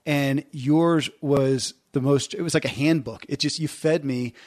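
Man, podcast host, thoughtful, halting, casual, mid-pitched voice. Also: steady tone, a little mellow. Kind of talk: casual interview.

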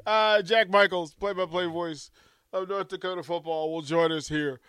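A man co-hosting a sports radio show, chatting casually in an animated way. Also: sits high, moderate pace, clean tone, dry recording, clean studio sound.

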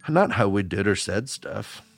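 A man from Wisconsin working as a camp counselor, telling a personal story to children in a gentle, earnest way with a chuckle now and then. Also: lowish voice, expressive, unhurried, creaky, dry recording, soft background music.

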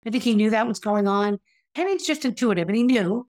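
Her voice is a little high, expressive and slightly mellow, and she talks fairly quickly. She shares her personal story in a candid, reflective, confessional way, often restarting sentences and slipping in asides.

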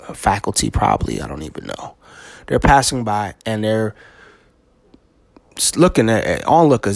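A middle-aged man hosting a podcast, telling a personal story in a halting, emotional way with many restarts. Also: on the low side, dry recording. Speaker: podcast host.

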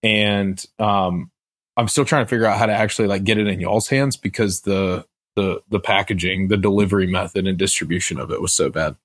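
Guy cohosting a podcast, low voice, laughs at himself a lot, dry close mic. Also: fairly even intonation, brisk, fairly bright tone, no room sound. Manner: self-deprecating, laughs often. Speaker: podcast co-host. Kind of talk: casual chat.

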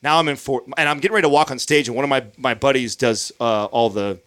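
A man's voice: mid-range voice, fast, a bit bright. A man in his thirties hosting a podcast, telling a long story in casual chat, swearing freely and acting out what others said. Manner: profane, storytelling with acted-out quotes. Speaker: podcast host.

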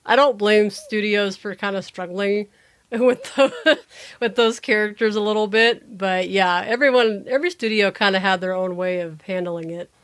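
A woman co-hosting a casual chat, relaxed and easygoing, often trailing off softly. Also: medium pitch, normal speed. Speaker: podcast co-host.

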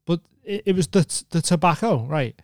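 A man's voice: fairly high pitch, lively intonation, brisk, darkish tone, no room sound, clean studio sound. A laid-back man co-hosting a podcast, telling an anecdote and laughing easily. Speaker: podcast co-host. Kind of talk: casual banter.

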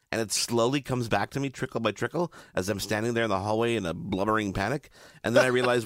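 A man's voice: medium pitch, expressive, fast talker, a bit bright, no room sound, clean studio sound. A man on a podcast telling a funny story in casual chat, acting out his own panic. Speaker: podcast co-host.

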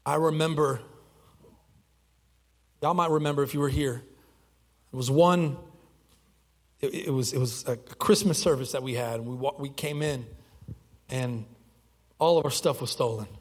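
A man's voice: mid-range voice, normal speed, pauses often, in a large hall. A young man preaching a sermon as pastor, telling stories in a conversational way with frequent restarts. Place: church sanctuary.

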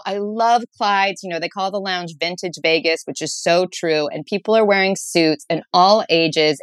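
A woman's voice: lowish voice, fairly bright tone, no room sound. A woman guest author on a casual interview show, talking enthusiastically with playful asides and frequent laughter. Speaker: guest author recommending date spots.

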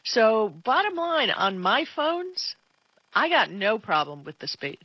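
A woman co-hosting a tech talk show in casual chat, emphatic and quick to laugh. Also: fairly high pitch, big pitch swings, husky, dry recording. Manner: chatty, laughs often, emphatic. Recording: dull lo-fi dry sound.

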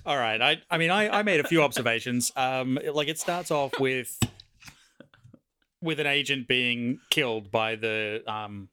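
A man's voice: mid-range voice, a little slow, bright, forceful tone, clean tone. A man co-hosting a film podcast, making dry, wry observations in casual chat. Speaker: podcast co-host.

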